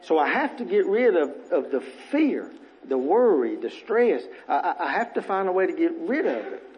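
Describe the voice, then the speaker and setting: A man preaching a sermon in church as minister, earnest and rambling, his voice going a little rough. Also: high voice, big pitch swings, normal speed, muffled recording, slight background noise. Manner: earnest, rambling, repeats words as he restarts. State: voice getting rough.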